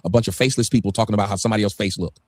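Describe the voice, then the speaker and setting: A man's voice: fairly low pitch, fairly even intonation, rapid-fire, no room sound. A man on a livestream talking heatedly, ranting emphatically and swearing often. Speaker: guest on a livestream.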